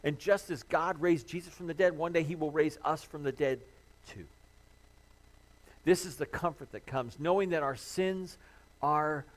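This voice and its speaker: A male pastor delivers a sermon in a somewhat high voice. He speaks earnestly, rising to impassioned emphasis as he voices the doubts of his listeners. His tone stays sincere throughout. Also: poor audio. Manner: voices imagined worshippers' pleas.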